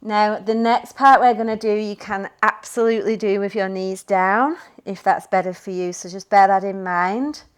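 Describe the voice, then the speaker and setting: Yoga teacher, woman, smooth clear voice, calm upbeat pose-and-breath cues. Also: medium pitch, moderate pace, few pauses. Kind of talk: guided yoga class instruction.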